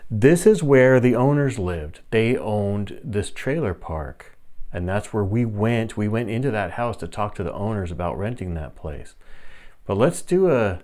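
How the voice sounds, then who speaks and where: A man in his fifties casually telling a personal story, lively and full of mimicked sounds and voices. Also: on the low side, unhurried. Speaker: storyteller vlogger.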